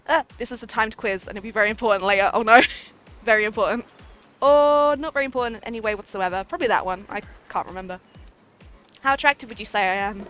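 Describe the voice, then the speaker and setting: A woman's voice: mid-range voice, fast, faint music behind. A woman streaming a dating game, reading the lines aloud and reacting with giggles and silly attempts. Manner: giggly, excitable, trying out silly accents.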